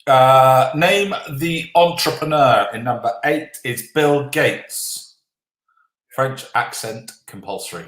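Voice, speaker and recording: Hosting a live online quiz with casual banter, this man reads the answers slowly and jokes between questions, occasionally swearing and then apologizing. His mid-range, slightly bright voice echoes around the room.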